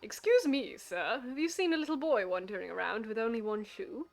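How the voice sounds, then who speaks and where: Woman doing a polite gentleman professor. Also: fairly high pitch, expressive, a little fast, gravelly, soft background music. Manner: courteous, formal.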